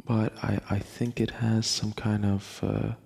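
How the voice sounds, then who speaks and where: A man's voice: on the low side, flat delivery, a little slow, vocal fry, a little mellow, slightly rough. A young man hosting a casual late-night podcast, rambling, laughing often and swearing casually. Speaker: podcast host.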